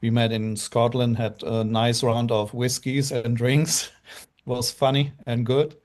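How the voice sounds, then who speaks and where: A man's voice: mid-range voice, flat delivery, takes it slowly, darkish tone. A middle-aged man from Germany with a German accent, earnestly telling his story as a guest with lots of fillers. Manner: earnest, rambling with many fillers. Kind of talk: casual storytelling on a live show.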